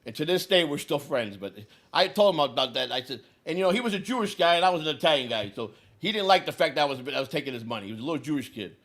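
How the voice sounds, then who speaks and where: A Chicago man in his sixties tells a long story casually and profanely, acting out the lines of the people involved. His voice is a little high, and he talks fast with few pauses.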